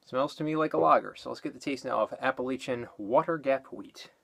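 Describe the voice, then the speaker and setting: A man talks through a beer review in a loose, rambling way, and he is slightly out of breath from exercise. He fills pauses with ums and uhs and corrects himself as he goes. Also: mid-range voice, creaky. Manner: rambling, with many fillers and self-corrections.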